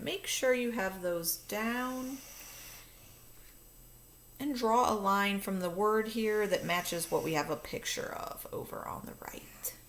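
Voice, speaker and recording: A woman teacher calmly walking through a phonics lesson in a recorded video, explaining step by step. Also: mid-range voice, vocal fry, slight background noise. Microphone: recording her own video lesson.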